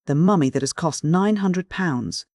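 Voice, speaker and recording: A man's voice: fairly high pitch, animated, measured pace, a little mellow, no room sound, clean studio sound. A man voicing an irate, egotistical professor who blusters and bellows. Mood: furious.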